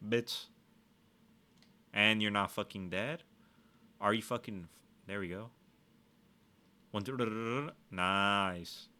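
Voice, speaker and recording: A man giving casual let's-play commentary, swearing a lot and trash-talking with excitable energy. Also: fairly low pitch, slow, pauses often. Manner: profane, excitable trash talk. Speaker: gaming streamer.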